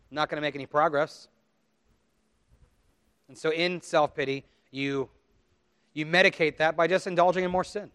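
A man's voice: fairly high pitch, a bit bright, clean tone, no echo, clean studio sound. A middle-aged man, a pastor, preaching in a conversational way and acting out the inner voices of his listeners. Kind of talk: sermon.

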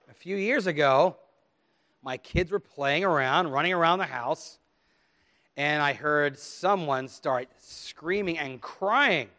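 A man's voice: high voice, a bit bright. A middle-aged man, a pastor, reading scripture solemnly and then telling a story to children with many questions.

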